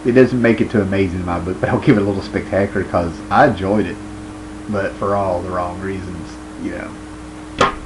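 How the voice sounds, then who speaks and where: A man's voice: sits low, steady tone, a little fast, background noise. A man giving a casual, rambling movie review, full of "you know" fillers and frequent chuckles.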